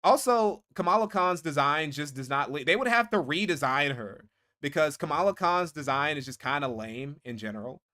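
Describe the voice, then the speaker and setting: A man's voice: on the high side, expressive, normal speed, bright, forceful tone. A man hosting a livestream, reading donations aloud and ranting in a profane, exasperated way. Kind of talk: casual livestream commentary.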